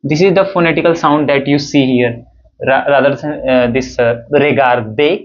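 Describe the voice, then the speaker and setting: A man's voice: medium pitch, moderate pace. A man teaching a beginner French lesson, explaining step by step with many fillers and repeated "okay"s. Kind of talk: online language lesson. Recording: dull lo-fi sound with faint ambience.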